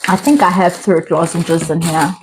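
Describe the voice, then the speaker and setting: A young woman from South Africa with a sore throat, chatting in an animated, opinionated way as she reviews a reality show. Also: fairly low pitch, normal speed, noisy background. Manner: animated and opinionated, acts out the cast members' voices. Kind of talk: casual chat, reviewing a show.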